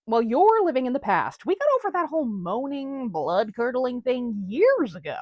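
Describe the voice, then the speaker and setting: Woman as a mocking, bawdy female ghost; lively, dry comedy read. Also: on the high side, moderate pace, no room sound. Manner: crude, teasing, mocking. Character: bawdy prankster female ghost, over a century old. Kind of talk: comedic audio drama.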